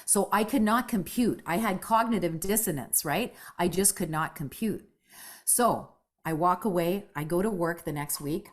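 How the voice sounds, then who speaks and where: A woman in her fifties telling her story as a podcast guest, animated and casual, peppering her talk with "right?" and the odd swear word. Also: moderate pace. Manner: animated, acts out quoted voices with big pitch jumps. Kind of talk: conversational storytelling.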